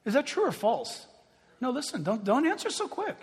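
A man preaching a sermon in an animated way, firing rhetorical questions at the congregation in a church. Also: extremely high pitch, normal speed, breathy edge. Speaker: pastor. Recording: long reverb of a large hall.

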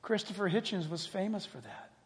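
A man preaching a sermon in an animated storytelling manner, often laughing as he talks. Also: high voice, a little fast. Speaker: pastor. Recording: long hall reverb.

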